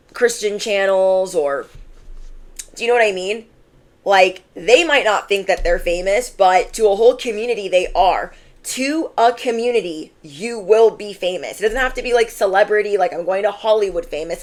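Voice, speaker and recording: Woman, tarot reader, chatty, emphatic, fillers, mid pitch. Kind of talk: channeled tarot reading.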